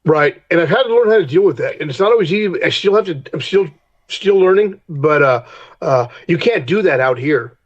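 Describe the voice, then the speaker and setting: A middle-aged man tells hard-edged stories as a podcast guest. He speaks bluntly, swears freely and acts out heated run-ins in a voice that sits a little high for a man. The sound is dull and lo-fi. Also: animated, brisk. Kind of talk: candid storytelling interview.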